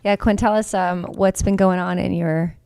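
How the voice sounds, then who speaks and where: A woman's voice: lowish voice, fairly even intonation, moderate pace, creaky, a little mellow, clear, resonant tone, no room sound. A young woman co-hosting a podcast, chatting playfully and casually. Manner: playful, chatty, imitates voices. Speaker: podcast co-host. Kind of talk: casual chat.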